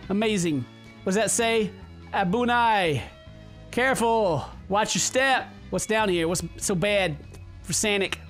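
A man giving joking, sarcastic let's play commentary on a game, excitable and swearing a lot into a close desk microphone. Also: sits high, measured pace, soft background music. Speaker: gaming YouTuber.

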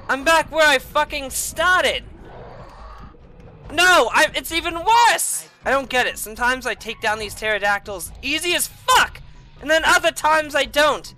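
A young woman giving rage-filled gameplay commentary as a host, swearing and yelling at the game. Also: high-pitched. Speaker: gaming video host.

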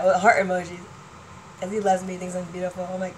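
A woman's voice: lowish voice, flat delivery, fairly quick, low-quality recording. Woman, 40s, vlogger; chatty and scattered, laughs a lot, faint noise behind. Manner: chatty, laughing, jumps between topics. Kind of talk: rambling casual chat to fans.

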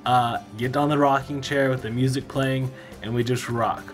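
A man's voice: mid-range voice, fairly even intonation, normal speed, soft background music. A young man vlogging at home, talking casually to his viewers about his evening with family. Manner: chatty, talks straight to camera, playful with dog and baby. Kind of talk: casual vlog chat. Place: home, indoors.

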